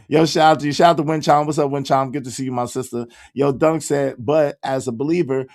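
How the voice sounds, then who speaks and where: A hoarse man, hosting a casual livestream and shouting out his viewers by name. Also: on the high side. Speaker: livestream host reading chat.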